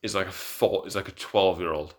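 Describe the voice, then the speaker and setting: A man's voice: low voice, fairly even intonation, fairly quick. A young man co-hosting a podcast in casual chat, tipsy from drinking and rambling with stumbling restarts. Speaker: podcast co-host.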